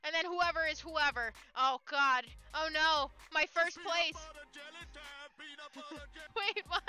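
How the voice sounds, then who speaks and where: A woman's voice: high voice, a little slow, bright, forceful tone, soft background music. A woman streaming from home, chatting casually with her chat, teasing friends and giggling.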